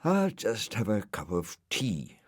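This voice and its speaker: A man's voice: lowish voice, huge pitch swings, slow pace, no room sound, full character voice. A grumbling, easily flustered male dog from a storybook, put on by a man reading aloud. The voice swings widely up and down and stammers when he gets nervous. Dry, close sound.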